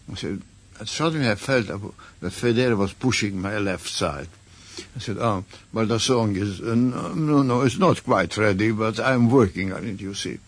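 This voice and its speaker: An older man with a Hungarian accent, a composer telling a lively anecdote as a radio interview guest. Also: lowish voice, normal speed. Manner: lively storyteller, acts out quoted voices.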